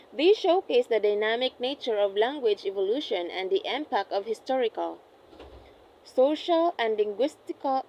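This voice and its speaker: A young woman, a student, reading a class report aloud, carefully and deliberately, often correcting herself mid-phrase. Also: a little high, a little mellow, rough recording. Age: young adult. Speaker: student presenting an assessment.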